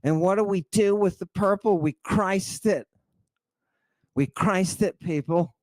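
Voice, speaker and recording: A man's voice: sits high, slow pace, pauses often, a little mellow, no echo. A man giving a livestream lecture on ancient texts, theatrical and exclamatory, addressing his listeners as a congregation.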